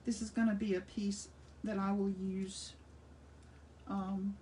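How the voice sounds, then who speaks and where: Older woman art teacher, chatty and enthusiastic, mellow tone, slightly off-mic with faint hum. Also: mid-range voice, flat delivery, slow, distant mic. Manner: chatty and enthusiastic, thinking aloud while working. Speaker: art instructor. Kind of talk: casual craft demonstration.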